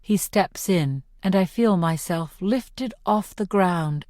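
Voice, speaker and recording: A woman narrating a novel in the first person as an audiobook, reading slowly, clearly and with measured phrasing. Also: lowish voice, a little mellow, no room sound, clean studio sound.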